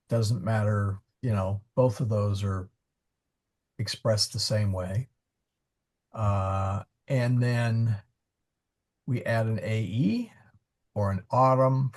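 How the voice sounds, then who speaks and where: A man teaching a Latin class, explaining grammar patiently with fillers and pauses. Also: lowish voice.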